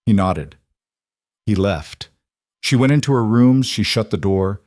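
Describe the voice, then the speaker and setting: A man narrating a crime story in an even, unhurried audiobook style. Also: lowish voice, no echo, clean studio sound.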